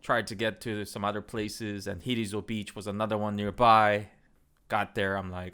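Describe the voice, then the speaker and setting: Bright-voiced, laid-back man in his thirties. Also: on the low side, steady tone, normal speed, clean tone. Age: 30s. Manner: profane, rambling, laid-back. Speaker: travel vlogger. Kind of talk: casual storytelling narration.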